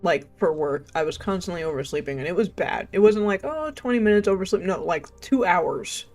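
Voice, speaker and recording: A woman's voice: low-pitched, normal speed, a little mellow. Rambling, chatty young woman streamer. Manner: rambling, chatty, heavy use of "like" and "um"; laughs often between sentences. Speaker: livestreamer. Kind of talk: casual livestream chat. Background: faint game music.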